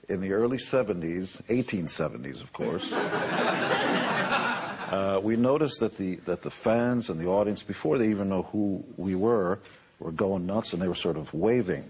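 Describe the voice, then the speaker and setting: A man's voice: low-pitched, very noisy. A man in his sixties, a musician turned businessman, giving a boastful, joking motivational talk. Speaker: musician and entrepreneur.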